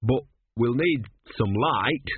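A man's voice: mid-range voice, big pitch swings, takes it slowly, breathy edge, no room sound, heavily acted. A man voicing a nervous, fussy male master embalmer who protests, on a tinny, phone-like recording.

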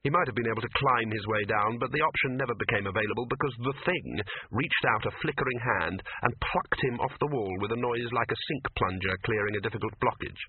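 A man reading a story aloud in a wry, even storytelling manner. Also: mid-range voice, a little fast, few pauses, husky. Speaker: audiobook narrator. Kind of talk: scripted narration. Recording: tinny phone-like sound.

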